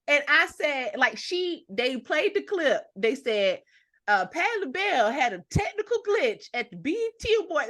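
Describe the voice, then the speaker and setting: A woman co-hosting a casual podcast, chatting in a lively way with quick reactions and laughter. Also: sits high. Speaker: podcast co-host. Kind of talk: casual chat.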